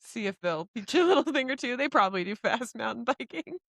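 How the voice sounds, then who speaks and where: Lively, laughing young woman. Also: on the high side, gravelly, no echo, clean studio sound. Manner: laughs often, quick teasing reactions. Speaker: podcast co-host. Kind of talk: casual chat.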